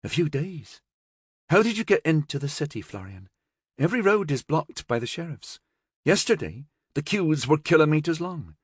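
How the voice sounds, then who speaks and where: A man's voice: a little high, big pitch swings, normal speed, husky, dry recording, clean studio sound, voice pushed up. A man voicing a firm, prying middle-aged aunt who asks insistent, scolding questions in a raised voice. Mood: probing.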